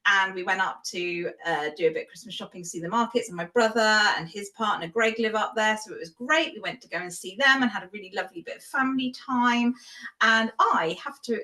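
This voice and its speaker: A woman's voice: medium pitch, fairly quick, pushed and bright, poor audio. Bubbly woman in her forties. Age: 40s. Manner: bubbly, enthusiastic, laughing. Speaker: podcast co-host. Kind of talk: casual chat.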